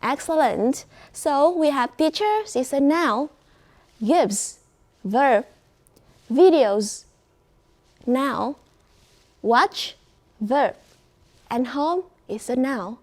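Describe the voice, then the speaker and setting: Casting: Vietnamese-accented woman teaching in a classroom, high voice, slow and deliberate. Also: expressive, a little mellow. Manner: slow, clear, encouraging classroom delivery. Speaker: English teacher.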